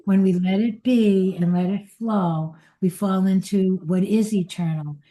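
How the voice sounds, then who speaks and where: An older woman giving an inspirational spiritual talk in a gentle, unhurried and reflective way. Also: medium pitch, fairly even intonation. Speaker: spiritual teacher.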